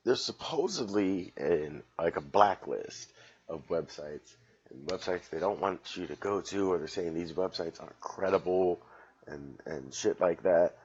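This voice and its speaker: A man hosting a rambling solo comedy podcast, profane and sarcastic, just woken up and yawning, swinging between loud bursts and mumbles. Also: deep voice, measured pace, slightly rough, muffled recording. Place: at home.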